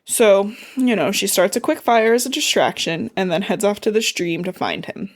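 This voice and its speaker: A woman's voice: mid-range voice, animated, normal speed. A woman podcast co-host casually retelling a novel's plot, swearing and laughing as she acts out the characters' lines. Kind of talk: casual recap chat.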